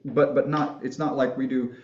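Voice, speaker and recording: A man's voice: mid-range voice, level tone, moderate pace, darkish tone, lo-fi sound. Folksy storytelling man, roomy sound. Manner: folksy, rambling storyteller who laughs at his own jokes. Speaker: podcast guest, family history filmmaker. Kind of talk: casual interview conversation.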